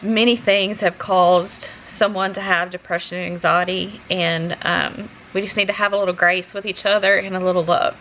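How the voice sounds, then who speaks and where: A woman vlogger talking in a halting, earnest way with many restarts, close to tears as she speaks to her viewers. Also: lowish voice, fairly even intonation, fairly bright tone, slight background noise, rough recording. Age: adult. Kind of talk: unscripted personal talk to camera.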